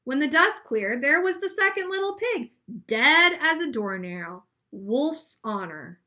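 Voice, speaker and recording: A woman reading aloud as a sly, smooth-talking male wolf telling his side of a storybook tale. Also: sits high, sing-song, a little slow, pushed and bright, heavily acted. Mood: wry.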